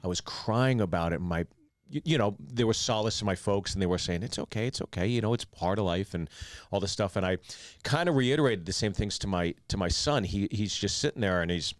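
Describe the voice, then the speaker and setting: A man in his forties with a very deep voice co-hosts a casual podcast. He speaks in a relaxed, earnest way. The mic is close and the sound is dry. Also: fairly quick, no room sound. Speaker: podcast co-host.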